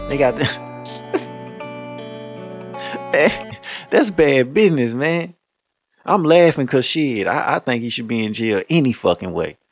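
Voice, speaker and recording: A man's voice: medium pitch, expressive, moderate pace, husky. Casual podcast host, male, laid-back and laughing, over a music bed. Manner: loose, laughing, profane street talk. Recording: music playing underneath.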